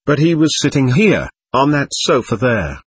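A man voicing a feverish, delirious young man who rambles in an agitated, brooding way, with a husky voice. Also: medium pitch, very animated, moderate pace, dry recording, clean studio sound.

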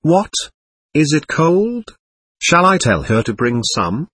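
A man voicing a gentle, anxious young man who speaks in a soothing, worried way, with a husky voice. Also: fairly high pitch, sing-song, takes it slowly, dry recording, pitched above the performer's own voice, full character voice.

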